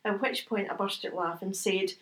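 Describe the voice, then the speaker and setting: A middle-aged woman with a Scottish accent, a medium, telling lively anecdotes in a casual interview, acting out the voices of people in her stories and laughing often. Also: medium pitch, fairly quick. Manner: chatty, animated anecdotes with quoted voices and laughter. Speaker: guest, medium.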